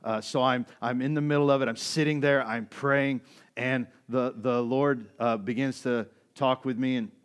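A man's voice: medium pitch, fairly even intonation, moderate pace, smooth. A man in his forties, a pastor preaching a sermon and telling a personal story in a conversational way, with many fillers and restarts. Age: 40s.

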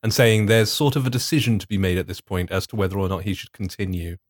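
A man in casual podcast chat, explaining in a measured way with many fillers. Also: deep voice, steady tone, no echo, clean studio sound. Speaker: podcast co-host.

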